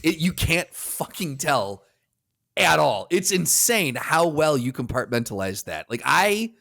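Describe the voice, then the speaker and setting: A man's voice: fairly high pitch, big pitch swings, a little slow, vocal fry, fairly bright tone, no room sound, studio quality. A man co-hosting a podcast in casual chat, rambling and restarting sentences as he retells what others said. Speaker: podcast co-host.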